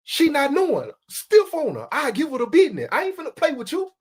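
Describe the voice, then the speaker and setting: A woman telling a comic story in slangy, animated fashion, acting out voices and sound effects. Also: high-pitched, a little fast. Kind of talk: comedic storytelling.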